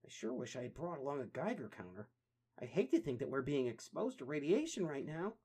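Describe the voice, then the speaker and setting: A man doing a high, wary brainy turtle. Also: sing-song, fairly quick, mellow, husky. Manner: thoughtful, wary. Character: brainy young male turtle, cautious.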